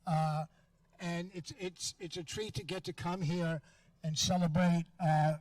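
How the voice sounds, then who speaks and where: A woman giving a halting stage introduction outdoors, pausing often with filler sounds. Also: lowish voice, steady tone, a little mellow, no room sound, far from the mic, poor audio. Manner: halting, many uh pauses. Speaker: introducing the headliner. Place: outdoor parking lot show.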